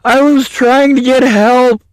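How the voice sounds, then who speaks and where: A man's voice: very high voice, fairly even intonation, slow pace, dry recording, poor audio. A man in a bitter, swearing personal rant to camera, venting his grievances in outbursts. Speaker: vlogger.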